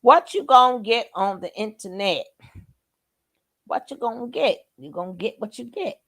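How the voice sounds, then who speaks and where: A woman's voice: on the high side, lively intonation, normal speed. Chatty, scoffing woman commentator. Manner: chatty, scoffing, rhetorical questions. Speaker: commentary channel host. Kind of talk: casual reaction commentary.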